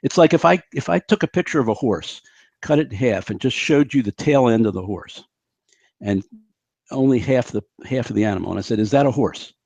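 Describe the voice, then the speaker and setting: An older man, a physician, talking in an interview, animated and telling stories with frequent restarts. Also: medium pitch, fairly quick, creaky, no echo, muffled recording. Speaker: physician guest. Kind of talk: interview conversation.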